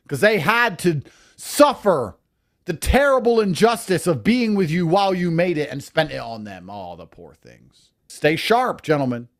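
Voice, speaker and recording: Brash, high-pitched ranting man. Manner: brash, crude, lecturing; mocks others in put-on voices. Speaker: online commentator. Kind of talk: profane reaction rant.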